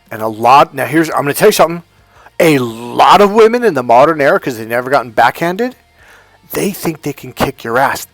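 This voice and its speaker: A man's voice: mid-range voice, no echo. A man giving a dating coach's storytelling monologue, blunt, profane and emphatic, with faint music behind him.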